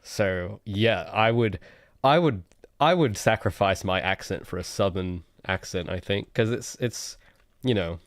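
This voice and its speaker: A man's voice: fairly low pitch, animated, measured pace, no room sound, studio quality. A man chatting casually as an indie game developer on his livestream, rambling and joking at his own expense. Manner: joking, rambling, self-deprecating.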